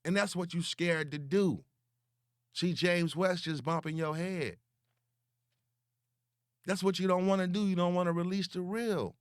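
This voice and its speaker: A young man delivers a slow, profane call-out rant, repeating words to hammer his points home. His voice sits a little high for a man. The sound is dry and close, with no room around it. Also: fairly even intonation, clean tone, no room sound. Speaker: online commentator.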